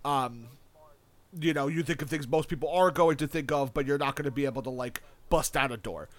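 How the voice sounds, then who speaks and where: A man's voice: mid-range voice, brisk, fairly bright tone, dry recording. A young man in casual chat, rambling enthusiastically with lots of fillers, restarts and casual swearing. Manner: enthusiastic about a video game.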